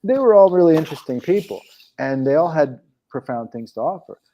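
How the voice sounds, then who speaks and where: A man's voice: on the high side, expressive, brisk, dark tone, a little hiss or hum. A man as an interview guest, telling a story in casual conversation, rambling with frequent restarts. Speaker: guest, coach and program founder.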